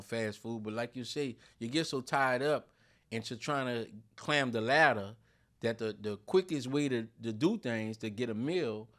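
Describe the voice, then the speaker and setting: A man's voice: mid-range voice, a bit bright. A man, telling stories emphatically in a casual podcast chat. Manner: storytelling, emphatic, Southern vernacular. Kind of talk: casual conversation.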